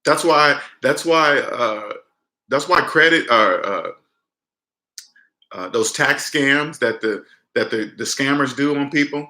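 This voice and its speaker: A man's voice: mid-range voice, animated, takes it slowly, bright, forceful tone. A man giving a blunt, emphatic personal finance lecture straight to his viewers, often restarting his sentences. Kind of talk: casual lecture to the camera. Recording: roomy echo.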